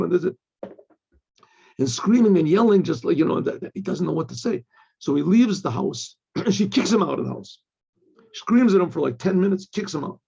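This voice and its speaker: A man, a rabbi, telling a story in a lesson, animated and repeating himself, acting out the people in it. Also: high voice, moderate pace, vocal fry, slightly rough. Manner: animated storyteller, acts out quoted voices, repeats words. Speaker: rabbi teaching. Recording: dull lo-fi recording.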